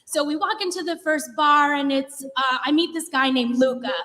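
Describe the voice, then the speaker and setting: A woman in her thirties telling a comedic personal story, animated and laughing, chatty with lots of "like". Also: sits high, moderate pace. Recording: long hall reverb.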